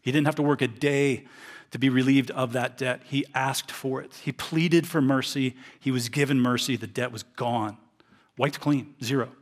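A man's voice: medium pitch, fairly even intonation, normal speed. A man preaching a sermon, reading a parable aloud and explaining it earnestly. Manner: earnest, reads scripture aloud then explains it.

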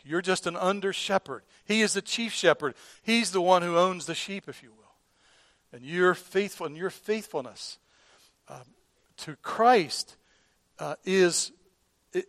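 Man pastor preaching, kinda high voice, earnest, stumbles and repeats words. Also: no echo. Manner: earnest, shifting from loud emphasis to hushed; repeats words and restarts often. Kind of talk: sermon.

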